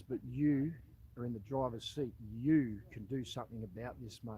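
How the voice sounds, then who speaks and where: A man's voice: mid-range voice, a little mellow, breathy edge, low-quality recording. A man with an Australian accent, a former army soldier, making a direct-to-camera appeal that confronts the listener and keeps calling him "mate".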